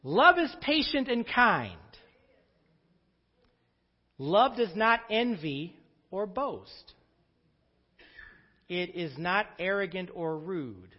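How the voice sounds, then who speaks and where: Animated pastor preaching in echoey hall. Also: male voice, high voice, takes it slowly, pauses often, highs cut off. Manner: preacher's call-and-response. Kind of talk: sermon.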